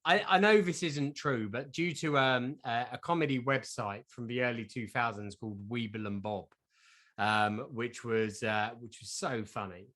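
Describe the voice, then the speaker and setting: A southern English man co-hosts a relaxed comic chat. He rambles and plays with silly ideas. His voice is bright and forward, at a middle pitch. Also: normal speed. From southern England. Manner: rambling, playful, sings silly jingles. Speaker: podcast co-host.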